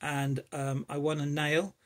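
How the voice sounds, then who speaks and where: A man's voice: a little high, completely flat delivery, measured pace, noisy background. A man chatting enthusiastically as he opens packages for his lockpicking vlog, rambling and thankful. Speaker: lockpicking hobbyist vlogger. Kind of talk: casual unboxing chat.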